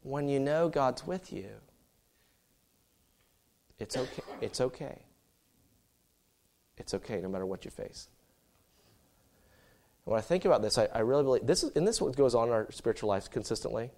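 A man's voice: medium pitch, animated, moderate pace, vocal fry, pauses often, a little mellow. Chatty storytelling male preacher. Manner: conversational, storytelling, many fillers and restarts. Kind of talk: sermon.

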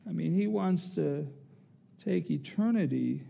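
A man delivers a sermon from the pulpit, taking his time over each phrase. His voice sits fairly high but sounds mellow and warm. He leans on key words and reads scripture in a slow, deliberate cadence. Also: expressive, gravelly. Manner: measured preaching with slow emphatic phrases and scripture quotes. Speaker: pastor.

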